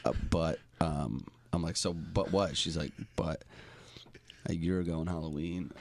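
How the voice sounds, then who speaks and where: A man co-hosting a casual podcast chat in a laid-back way, dropping his voice low for quotes. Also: fairly even intonation, unhurried, vocal fry, darkish tone. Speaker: podcast co-host.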